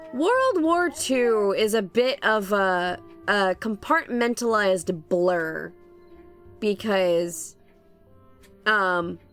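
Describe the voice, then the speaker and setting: A young woman streamer with vocal fry, chatting playfully while she draws and laughing often. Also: mid-range voice, fairly bright tone. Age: young adult. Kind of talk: casual stream chat while drawing.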